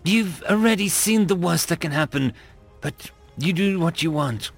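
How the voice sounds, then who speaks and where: A blunt, scornful alien soldier woman growls her warnings in a raised, lively voice, as a male narrator puts her on. The tone is gravelly underneath, with faint music behind. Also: fairly high pitch, normal speed, voice pushed up. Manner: growling, scolding.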